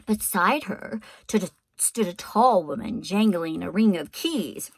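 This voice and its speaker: A woman teacher reading a storybook aloud to her class, in an expressive, unhurried way. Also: lowish voice, no echo.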